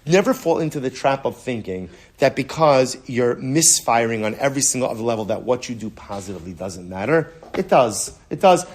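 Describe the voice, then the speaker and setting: A man's voice: mid-range voice, animated, fairly quick, slightly rough. Man, rabbi, casual Talmud class, conversational, restarts sentences, answers students.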